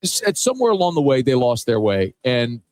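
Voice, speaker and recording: A man's voice: medium pitch, sing-song, a little fast, a little mellow, no room sound. Earnest male sports radio host. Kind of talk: casual sports radio talk. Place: radio row booth at a big game.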